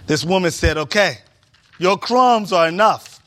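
A man preaching in a church with a high, light voice. He takes his time, acting out the voices in his stories and climbing to emphatic peaks. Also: unhurried. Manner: animated storytelling, acts out voices, rising to emphatic peaks. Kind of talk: sermon.

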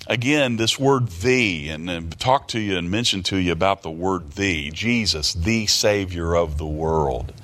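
Deep-voiced man preaching a sermon. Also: unhurried, few pauses, a bit bright. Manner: repeats phrases, asks rhetorical questions; reads scripture aloud in King James wording.

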